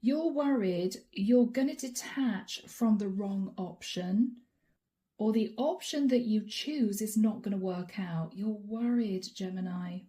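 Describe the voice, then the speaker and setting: A woman's voice: medium pitch, slow pace, mellow. A woman giving a chatty channeled tarot reading to camera, laughing often and voicing her listeners' inner thoughts. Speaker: tarot reader.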